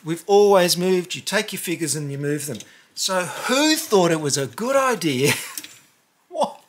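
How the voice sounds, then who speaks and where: A high-pitched man hosts a casual unboxing video, speaking with animation, exaggerated cheers, and bursts of mock outrage.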